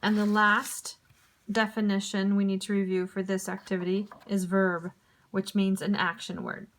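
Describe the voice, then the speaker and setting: A woman teacher giving a recorded lesson to young pupils, speaking clearly and deliberately. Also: mid-range voice, flat delivery, slight background noise.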